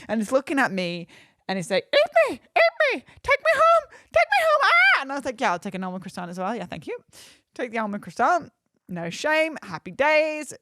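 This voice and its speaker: A woman hosting a podcast, telling a chatty, animated story full of fillers and laughter. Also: fairly low pitch, dry recording, clean studio sound. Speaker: podcast host. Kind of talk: casual solo podcast monologue.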